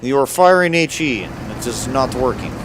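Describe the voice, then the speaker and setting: A man's voice: mid-range voice, moderate pace, background noise, close to an everyday voice. A man putting on a stern Russian tank commander. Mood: deadpan. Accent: mock Russian. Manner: clipped broken grammar, deadpan. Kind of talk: in-character game commentary.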